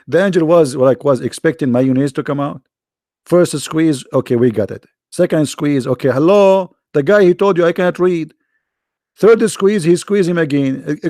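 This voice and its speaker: Hoarse, sarcastic man with a gravelly voice. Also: a little high, a little mellow, dry recording, studio quality. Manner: sarcastic, taunting. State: hoarse, tired voice. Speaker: host of a live debate stream. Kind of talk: casual mocking live-stream talk. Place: quiet room at home.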